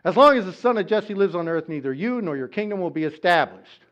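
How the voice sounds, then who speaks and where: A man's voice: high voice, animated, brisk, fairly bright tone, lo-fi sound, pitched above the performer's own voice. A man voicing a jealous old king who harshly accuses and commands, in a sermon retelling. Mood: angry.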